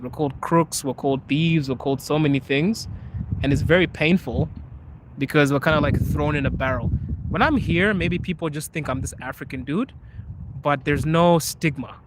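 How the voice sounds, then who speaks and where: A man's voice: on the high side, normal speed, a little hiss or hum. A young man hosting a casual live chat outdoors on a city street, talking in an emphatic, earnest way. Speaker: livestream host.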